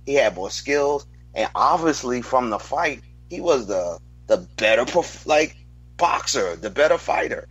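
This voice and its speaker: A man with a husky voice makes his case in a heated sports debate, firm and emphatic. The recording is dull and lo-fi, with a dry sound. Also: mid-range voice, expressive, fairly bright tone, no echo. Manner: emphatic, deliberate, argumentative.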